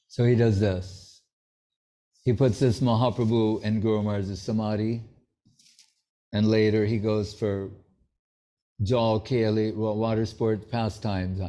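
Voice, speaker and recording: The voice sits on the low side with a dark tone: a man acting as a spiritual teacher in an anecdotal sermon. He tells stories and acts out the words of the people in them.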